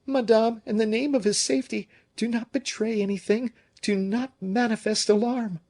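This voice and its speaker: Male reader doing storybook noblewoman, high hushed pleading voice, urgent and whispery. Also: steady tone, moderate pace.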